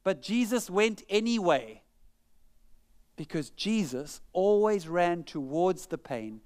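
A man's voice: high-pitched, big pitch swings, slow pace, darkish tone. A man preaching a sermon in church, conversational and humorous, joking at his own expense. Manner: humorous, conversational preaching with self-mocking jokes. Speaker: pastor.

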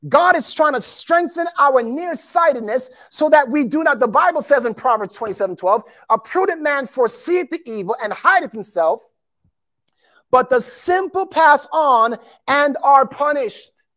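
A man preaching a sermon to his congregation, animated and emphatic, acting out quotes and calling out to the listeners. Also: very high-pitched, moderate pace. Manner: addresses congregation as beloved and y'all.

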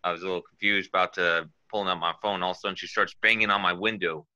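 A man with a very low, strikingly bright and forceful voice shares an earnest testimony, wandering between stories and scripture quotes. The sound is dry and dull, like a lo-fi recording. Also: steady tone, fast talker, no room sound. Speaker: guest sharing testimony. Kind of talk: informal spoken testimony.

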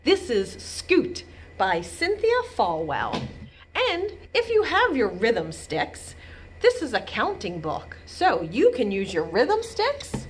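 A woman librarian leading a storytime for babies on a video call, reading aloud in a playful sing-song way with soft asides. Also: a little high, wildly swooping pitch, takes it slowly, slight background noise. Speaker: children's librarian.

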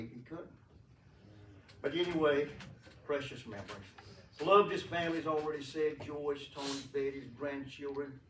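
A man's voice: medium pitch, fairly bright tone, slight background noise. Man giving a rambling, echoey eulogy. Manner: rambling, chuckling storyteller with many fillers. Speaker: funeral eulogy speaker. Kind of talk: folksy funeral eulogy. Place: church sanctuary. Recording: echoey room from a distant mic.

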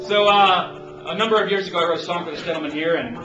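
A man's voice: sits high, fast talker, over music. A man performing as a bard at a tavern, trading jokey banter with the crowd and singing a drinking song, often laughing. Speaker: bard and singer-songwriter. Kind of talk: live folk performance, joking banter and singing. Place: indoor tavern at a festival event. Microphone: handheld camcorder from the audience. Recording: distant, echoey, dull lo-fi camcorder sound. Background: loud instrument accompaniment.

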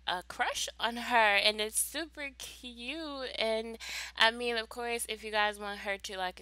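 A woman hosting a life-sim gameplay video, chatting casually and gushing excitedly to her viewers. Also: medium pitch, no echo. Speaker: let's play host. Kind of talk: casual gaming commentary.

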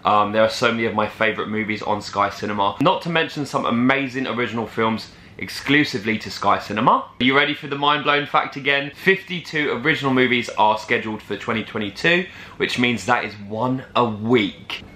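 A young man, vlogging in an excitable, chatty way as he talks to the camera. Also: mid-range voice, a little fast, reverberant, slight background noise. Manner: excitable, chatty, lots of "like" and "oh my God". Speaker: travel vlogger. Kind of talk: casual vlog chat to camera.

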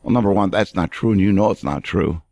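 A man's voice: low-pitched, quick pace, gravelly, darkish tone, dry recording. A male pastor preaching an emphatic radio sermon and speaking straight to the listener.

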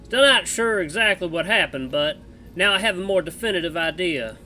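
A man voicing a gruff, foul-mouthed male bat-man with a put-on cowboy drawl, reading a visual novel aloud in a loud, blunt way. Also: sits high, lively intonation, moderate pace, a little hiss or hum, pitched above the performer's own voice, exaggerated voice.

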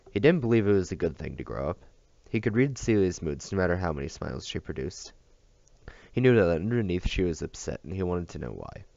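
A man reading a novel aloud at a steady pace, with small slips and restarts, on a dull, dry recording. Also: low-pitched, gravelly, no room sound. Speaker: audiobook reader.

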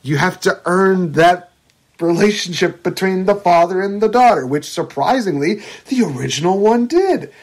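Animated young man ranting about a movie. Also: sits high, normal speed. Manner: animated, profane ranting with mocking quotes. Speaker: podcast co-host. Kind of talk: casual movie review chat.

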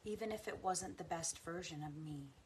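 A woman guiding a tapping meditation, speaking affirmations slowly and softly with deep sighs between them. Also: slight background noise. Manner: slow, soft and soothing, with frequent deep sighs. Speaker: guided tapping practice leader.

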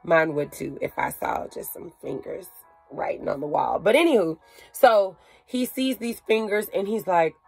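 A woman's voice: mid-range voice, moderate pace, breathy edge, faint music behind. Chatty woman retelling a Bible story. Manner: chatty and animated, with slang and asides. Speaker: Bible teacher.

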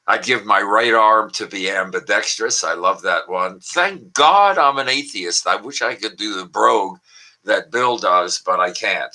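An older man with a low, very bright and forceful voice, chatting over a video call. He rambles cheerfully through puns, with plenty of ums and uhs. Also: rough recording. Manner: chatty, with frequent filler words and pun-laden asides. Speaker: language columnist and guest. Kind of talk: casual online wordplay talk.

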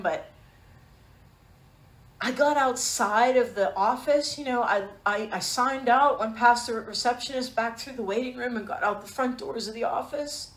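Female Bible teacher, fairly high voice, heartfelt personal storytelling in a sermon, roomy echo. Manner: personal storytelling, earnest and emotional. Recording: echoey room.

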